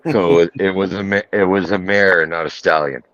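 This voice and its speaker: A very deep-voiced man, dry and teasing. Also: fairly even intonation, normal speed, a bit bright, no room sound, muffled recording. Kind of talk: casual chat.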